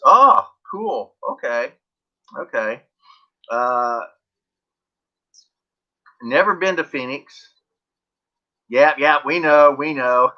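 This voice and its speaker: Guy hosting a live stream, blunt and chatty, bright sharp voice, muffled lo-fi sound. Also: medium pitch. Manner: blunt, rambling, chuckling. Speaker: livestream host. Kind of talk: casual live chat. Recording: dull lo-fi stream audio.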